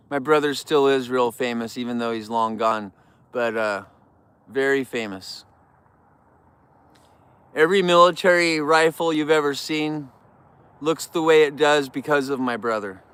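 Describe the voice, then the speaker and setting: A man's voice: medium pitch, fairly even intonation, unhurried, long pauses, a bit bright, clean tone. A middle-aged man chatting casually on an outdoor live stream, repeating himself for emphasis. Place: outdoors near a barn.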